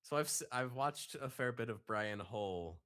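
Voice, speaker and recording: A man appearing as a guest voice impressionist on a live stream, talking in a thoughtful, halting way. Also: medium pitch, expressive, a bit bright. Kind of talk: casual live-stream chat.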